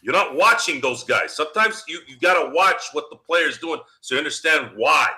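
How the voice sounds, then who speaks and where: A man's voice: a little high, lively intonation, moderate pace, bright, forceful tone. A man hosting a sports podcast, delivering a heated, profane rant and jabbing at his critics. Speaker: podcast host.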